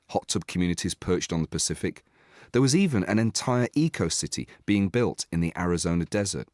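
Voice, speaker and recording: A man's voice: low-pitched, no room sound. An English man narrating his own story in a dry, self-deprecating, scripted way. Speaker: host and narrator.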